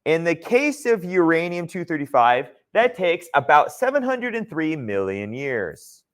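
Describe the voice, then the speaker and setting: A man's voice: fairly high pitch, very animated, a little slow. A man teaching a geology class in a conversational lecture style, often checking in with his students. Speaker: geology instructor.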